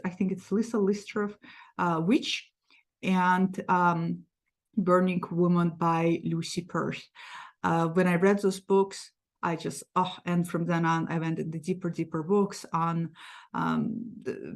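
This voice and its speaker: A middle-aged woman, a psychologist hosting her own channel, telling a personal story in a frank, animated way with many restarts. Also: on the low side. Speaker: psychologist and tarot channel host. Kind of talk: casual sit-down talk to camera.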